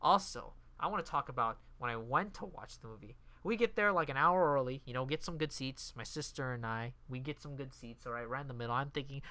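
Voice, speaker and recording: A man's voice: medium pitch, animated, fairly quick, few pauses, bright, forceful tone, dry recording. A man casually reviewing a movie in a profane, exasperated rant.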